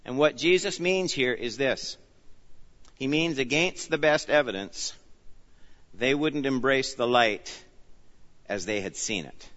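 A man preaching an expository sermon, earnest and emphatic, often dropping low and soft on key phrases. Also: animated, a little slow, long pauses. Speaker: pastor. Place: church. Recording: dull sound, long reverb of a church hall.

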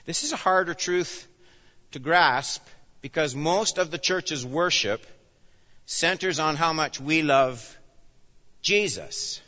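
A man preaching with a bright, forceful voice that rises loud and then drops to a hush. He speaks as a pastor in an emphatic sermon. The sound is a bit dull and rings with long reverb from a large hall. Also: a little high, animated, slow. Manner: emphatic, swings from loud declarations to hushed asides.

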